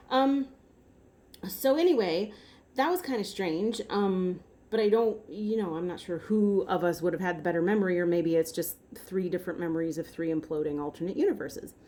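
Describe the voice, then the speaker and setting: A woman's voice: on the low side, moderate pace, dark tone. Chatty, rambling woman vlogger. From Western Massachusetts, US. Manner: rambling, chatty, full of tangents and asides. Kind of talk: casual chat.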